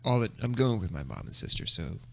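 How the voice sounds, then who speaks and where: A man's voice: fairly low pitch, sing-song, fast talker, vocal fry. A man with a Southern American accent chatting on a podcast, laid-back, laughing often and trailing off. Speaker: podcast co-host. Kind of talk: casual chat.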